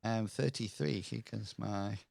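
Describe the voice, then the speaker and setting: A man running a tabletop game as game master, talking in a halting way with many pauses and restarts. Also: on the low side, creaky, darkish tone, no room sound, studio quality. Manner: halting, full of ums and restarts.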